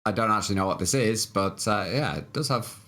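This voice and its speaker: Man in a casual game stream, lower voice, reads on-screen text, hesitant fillers. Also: a little fast, a bit bright. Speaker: game player on a live stream.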